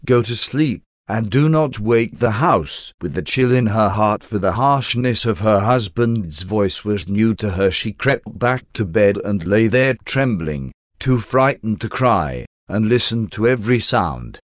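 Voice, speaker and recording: A man narrating a gothic tale as an audiobook, in a measured storytelling manner. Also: lowish voice, expressive, dry recording, studio quality.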